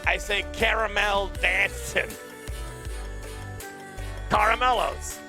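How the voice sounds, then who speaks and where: A man voicing an excitable male puppet who hosts a live morning talk show, playful and giggly, chatting casually. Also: sits high, slow pace, vocal fry, over music, heavily acted. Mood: silly. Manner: playful, giggly, wordplay-loving. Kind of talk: casual live-stream chat.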